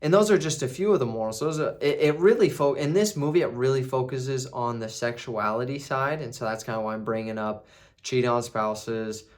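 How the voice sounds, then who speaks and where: A man's voice: mid-range voice, a little fast. A man casually recapping a film, rambling with restarts and fillers. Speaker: movie reviewer.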